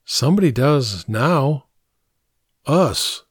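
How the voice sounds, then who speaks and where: A man doing a quiet thin young mother. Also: medium pitch, animated, slow, husky, no echo, studio quality. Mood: plain.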